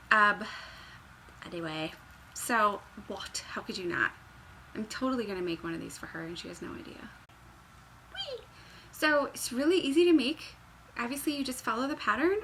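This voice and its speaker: Bubbly young woman with a bright voice. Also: medium pitch, slight background noise. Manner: bubbly, rambling, jokey, with sudden squeals and whispered asides. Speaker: knitting pattern designer. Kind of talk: chatty craft tutorial vlog. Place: home room by a fireplace.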